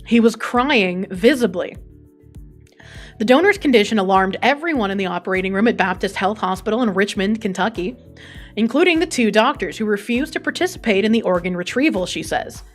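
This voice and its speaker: A woman's voice: medium pitch, animated, fairly quick. A young adult woman streaming, chatting casually, reading an article aloud and swearing freely as she reacts to chat. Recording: faint music behind.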